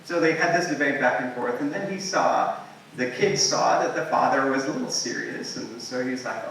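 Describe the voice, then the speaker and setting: An invited guest speaker with a bright, clear-edged, mid-range voice gives a relaxed, story-driven keynote at normal speed, easing along with ums and friendly asides. He is picked up from a distance in a large, strongly echoing hall, with a faint hum of noise underneath.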